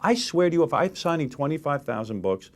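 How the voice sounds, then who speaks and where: A man in his forties in a candid interview, telling lively stories and acting out the exchanges he quotes. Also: on the high side, fairly quick. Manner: animated storytelling, acts out quoted exchanges. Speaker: interview guest, radio host.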